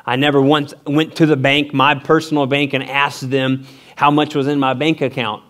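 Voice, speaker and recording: At a moderate pace, a middle-aged pastor delivers a sermon built around a personal story. He tells it with animation, acting out the voices with big jumps in pitch.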